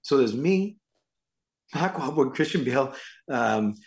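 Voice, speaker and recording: A man's voice: medium pitch, a little slow, gravelly. A man from Worcester, Massachusetts, a guest actor rambling casually through anecdotes and acting out the quotes. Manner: animated, rambling, acts out quotes loudly.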